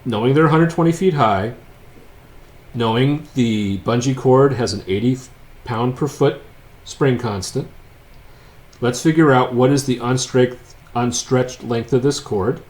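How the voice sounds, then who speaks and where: A man's voice: a little slow, pauses often. A man teaching a physics lecture in a casual, joking way, telling a story with wry asides before working through a problem. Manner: wry, joking storyteller, swings between loud and low asides. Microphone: unseen lecturer, voice-over of board work.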